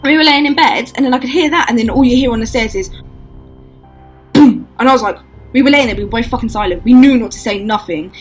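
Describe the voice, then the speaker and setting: A young woman chats through a spooky storytime in a casual, swear-heavy way, acting out each quote. Her voice sits a little high and has a husky, breathy edge. Faint music plays underneath. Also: fast, low-quality recording. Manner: swears a lot, acts out quotes, animated. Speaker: vlogger telling stories.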